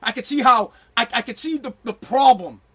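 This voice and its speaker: Brash middle-aged male ranter with a strikingly high voice, profane and emphatic, prone to shouting. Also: moderate pace, husky. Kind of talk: ranting monologue.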